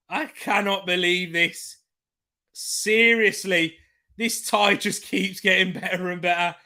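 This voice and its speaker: A man hosting a live football watchalong, reacting with excitable shouting commentary while hoarse from losing his voice. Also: extremely high pitch.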